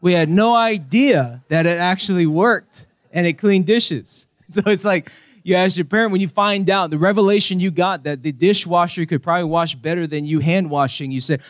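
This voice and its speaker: Animated young pastor, dry close sound. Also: male voice, high voice, moderate pace, no room sound. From United States. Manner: animated, acts out quoted voices. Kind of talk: sermon with storytelling humor.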